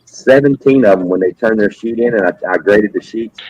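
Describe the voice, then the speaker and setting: Man, teacher type, husky lowish voice, dry close sound, rambling animated anecdotes. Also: fairly quick, no echo, highs cut off. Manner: animated anecdotes with frequent repeats. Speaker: substitute science teacher. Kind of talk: casual storytelling on a live stream.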